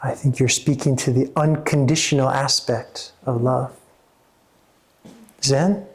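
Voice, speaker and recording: A man's voice: medium pitch, fairly even intonation, takes it slowly. Earnest man talking with many restarts. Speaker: therapist and coach. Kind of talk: talk to a small audience.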